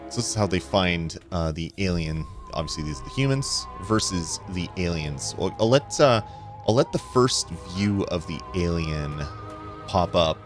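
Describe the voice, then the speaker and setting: A man's voice: low voice, lively intonation, normal speed, music in the background. A man hosting a gaming channel, chatting casually over gameplay, laughing often and trailing off with fillers. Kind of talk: casual let's-play commentary.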